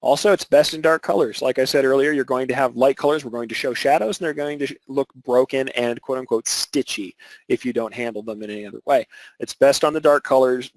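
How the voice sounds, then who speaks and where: A man's voice: medium pitch, no room sound, low-quality recording. A man teaching an embroidery webinar, explaining technique step by step with filler words and restarts. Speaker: embroidery instructor.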